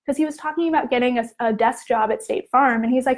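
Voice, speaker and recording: Woman, high voice, chatty coaching talk, animated, live video. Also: quick pace, hardly any pauses. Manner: chatty, lots of "like" and "you know", animated storytelling. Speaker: life coach.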